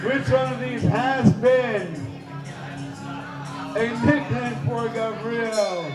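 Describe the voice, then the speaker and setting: A man hosting a live quiz game at a party, energetic and playful, shouting out countdowns to the crowd. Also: extremely high pitch, extremely slow. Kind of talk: lively live event hosting. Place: large indoor party hall. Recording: echoey hall with music and crowd.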